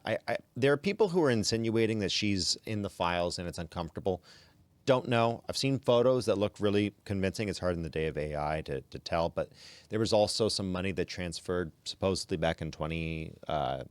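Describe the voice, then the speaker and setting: Low-voiced opinionated male podcast host. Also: no room sound. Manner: opinionated, stammers on restarts. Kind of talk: casual chat.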